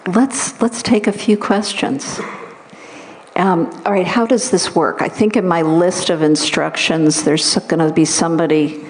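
A woman's voice: on the low side, fairly even intonation, measured pace, slight background noise. A woman moderating an onstage conversation with an author, often stopping and restarting as she searches for words. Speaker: interviewer, moderator.

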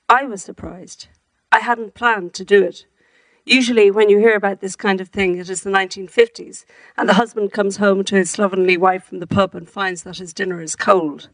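A woman reading aloud as a cold, self-justifying man who struck his wife, in a calm, measured voice. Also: medium pitch, no echo, lightly acted.

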